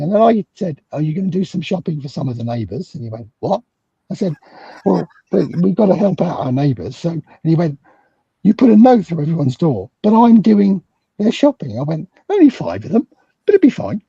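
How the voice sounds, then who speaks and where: A middle-aged British guest psychologist tells a story over a remote call, acting out every quoted line with big pitch swings from low to high. His raspy voice has a dark, mellow tone, and he speaks briskly and very animatedly. The audio is dry and muffled like lo-fi video-call sound, with no echo.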